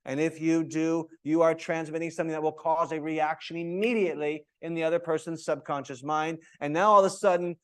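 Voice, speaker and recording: Male yoga teacher trainer, slightly high voice, emphatic lecturing to a live class. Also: a little fast, few pauses, smooth. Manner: animated, emphatic, checks in with "okay?".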